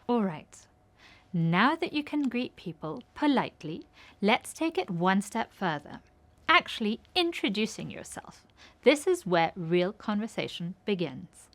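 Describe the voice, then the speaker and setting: A woman narrating a scripted language lesson, saying each phrase and then its translation, with short words of encouragement. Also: medium pitch. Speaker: language teacher.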